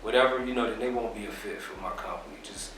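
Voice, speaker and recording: A man being interviewed, explaining his business in a relaxed, casual way with plenty of fillers. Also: lowish voice, quick pace, recorded from a distance, a little hiss or hum. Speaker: interview guest, business owner. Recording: very echoey room, off mic.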